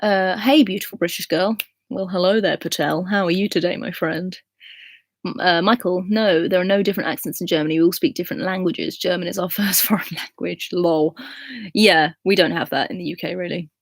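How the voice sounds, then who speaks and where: A woman's voice: on the low side, fairly even intonation, fairly quick, no room sound. A Scottish woman in her twenties hosting a casual livestream, chatting and laughing as she reads viewer comments aloud. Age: 20s. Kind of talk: casual live chat.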